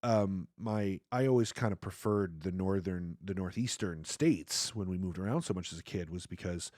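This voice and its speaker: A man's voice: sits low, normal speed, darkish tone, no echo, clean studio sound. A man from the Southern US chatting casually as a co-dungeon master, thinking aloud and rambling as he tells a story. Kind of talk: casual podcast chat.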